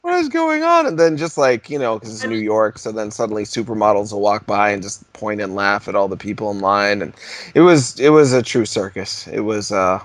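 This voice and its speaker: A man at home telling rambling, animated stories in a casual podcast chat. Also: on the low side, fairly quick, dry recording. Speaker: podcast co-host.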